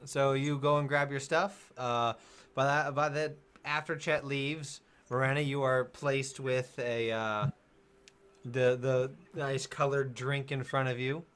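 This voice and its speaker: Man, game master, tabletop narration, bright, playful. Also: mid-range voice, fairly even intonation, unhurried, clean tone.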